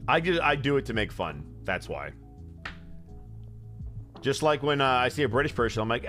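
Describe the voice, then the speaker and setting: A male voice actor in a casual live question-and-answer chat while signing autographs. He talks in a joking, animated way and often jumps up in pitch. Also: normal speed, long pauses, faint music behind.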